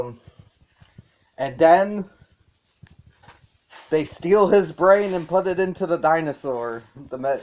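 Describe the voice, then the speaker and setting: A man's voice: on the high side, muffled recording. A man reviewing a movie in a casual, rambling way, swearing and chuckling as he goes.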